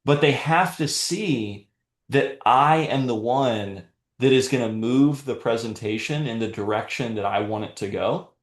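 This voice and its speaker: A man leading a live sales training session, with a direct, coaching delivery at a middling pitch. His voice carries a clear room echo around it. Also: measured pace.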